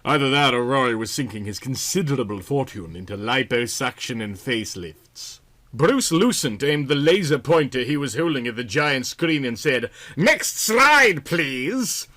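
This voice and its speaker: Guy doing a deadpan comedy reading of a novel, plain mid-pitched voice. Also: normal speed. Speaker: reader.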